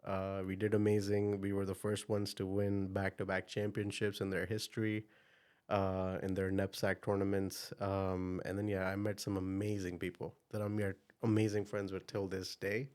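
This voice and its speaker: A young man from India with an Indian accent, a podcast guest telling his story in an upbeat, energetic way with plenty of fillers. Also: low voice, normal speed, clear, resonant tone. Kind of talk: casual interview chat.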